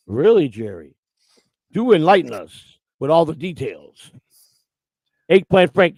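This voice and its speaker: A man's voice: a little high, lively intonation, measured pace, creaky, no echo. A man hosting a casual live stream, joking and teasing as he reads chat messages aloud on a streaming mic. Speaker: host.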